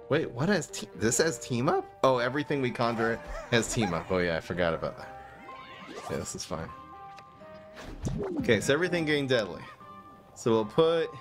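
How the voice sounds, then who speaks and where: Excitable man streaming over game music. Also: mid-range voice. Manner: thinks aloud, bursts into giggling excitement. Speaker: streamer playing a card game. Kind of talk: casual live-stream gameplay commentary.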